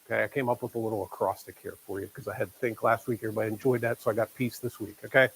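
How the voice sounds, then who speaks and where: A man preaching a sermon as pastor, conversational, acting out quoted voices and dropping quiet for emphasis. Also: on the low side, steady tone, racing, creaky, a little hiss or hum, rough recording.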